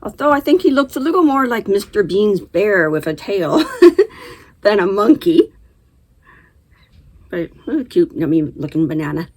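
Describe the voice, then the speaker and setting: A woman's voice: medium pitch, sing-song, unhurried, long pauses, a little mellow. A middle-aged woman hosting a knitting video, chatting casually to camera and laughing easily as she talks. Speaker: knitting podcast host.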